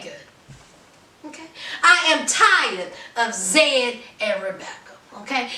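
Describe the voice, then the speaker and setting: Sassy high bright-voiced woman recapping TV. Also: roomy sound, distant mic. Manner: sassy, animated storytelling with playful quoted voices. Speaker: reality TV recap host. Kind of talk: casual commentary.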